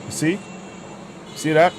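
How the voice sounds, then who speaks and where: Urgent man talking straight to viewers. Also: noisy background. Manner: urgent, repetitive, addresses viewers directly; pauses to fumble with on-screen media. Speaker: online show host. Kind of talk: livestream political commentary.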